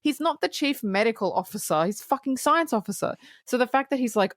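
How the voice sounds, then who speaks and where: A woman co-hosting a podcast, recapping a film in casual chat, lively and laughing, swearing freely. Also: a little high, fairly quick, hardly any pauses, no echo. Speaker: podcast co-host.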